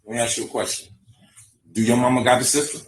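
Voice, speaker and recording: A man co-hosting a live chat show, joking and telling stories, acting out quotes loudly. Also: medium pitch, steady tone, quick pace, noisy background. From Virginia, US. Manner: playful storytelling, acts out quotes loudly. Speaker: podcast co-host.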